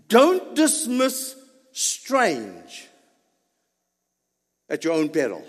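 A man preaching a sermon as pastor, posing rhetorical questions, answering them himself and building up to shouts. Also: high voice. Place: church sanctuary. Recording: long reverb of a large hall.

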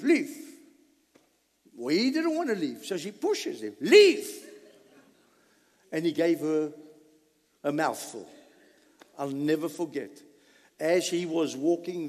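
A man preaching a sermon, telling stories and swinging between loud emphasis and quiet asides. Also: fairly high pitch, big-room sound. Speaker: pastor.

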